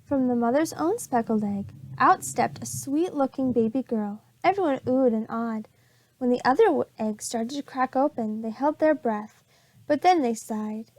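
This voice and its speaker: A preschool teacher, a woman, reading storybooks aloud to young children in a clear, expressive way. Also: sits high, no room sound, rough recording.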